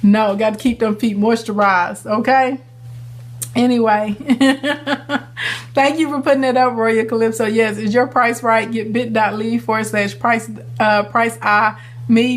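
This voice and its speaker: A woman's voice: on the high side, steady tone, measured pace. A young adult woman hosting a casual phone livestream, chatting sassily with viewers and laughing often. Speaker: livestream host and business coach.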